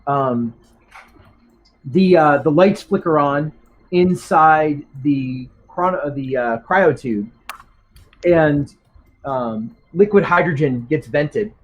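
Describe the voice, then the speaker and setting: A man's voice: a little high, takes it slowly, long pauses, highs cut off, a little hiss or hum. A man narrating as game master for a tabletop game, rambling with many ums and restarts.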